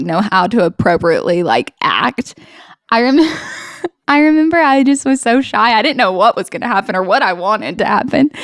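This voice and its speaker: A woman's voice: mid-range voice, dry recording, clean studio sound. A young woman hosting a podcast, telling a personal story in a chatty way, laughing and acting out bits of dialogue. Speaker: podcast host. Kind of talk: casual story-time chat.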